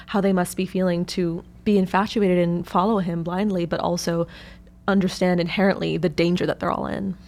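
A woman's voice: fairly low pitch, flat delivery, a little fast, creaky, darkish tone. A woman co-hosting a radio show, chatting casually and explaining her song picks at length in a thoughtful way. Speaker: radio co-host.

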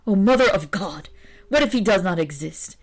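A woman's voice: medium pitch, lively intonation, normal speed, close to an everyday voice. A woman reading the part of a lonely poor woman who insists in an offended, pleading way. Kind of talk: audiobook reading.

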